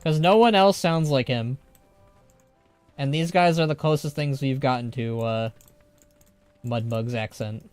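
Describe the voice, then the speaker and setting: A man's voice: medium pitch, a little slow, pauses often, a little mellow, clean tone, dry recording, faint music behind. A man streaming a game live, reading the text aloud with chatty, joking commentary.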